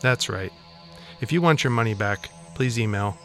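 A man's voice: on the low side, expressive, normal speed, fairly bright tone. A man hosting a radio music show, casually back-announcing songs with wry, self-mocking asides into a studio microphone.

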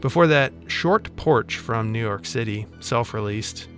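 A male radio DJ talking into a studio mic, joking at his own expense as he rambles through back-announcements. His pitch sits in the middle of the range, and faint music plays underneath. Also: animated, a little slow. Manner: wry, self-mocking, rambling asides.

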